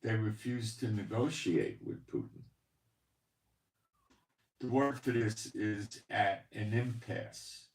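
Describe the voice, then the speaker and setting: A man's voice: on the low side, takes it slowly, long pauses. A man hosting a commentary monologue, preaching and firing off rhetorical questions. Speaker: channel host. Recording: echoey room.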